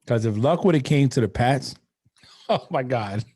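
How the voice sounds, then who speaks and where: A man's voice: mid-range voice, expressive, unhurried, warm tone, slightly rough. A man co-hosting a casual sports chat, telling rambling stories in a loose, chatty way. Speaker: podcast co-host.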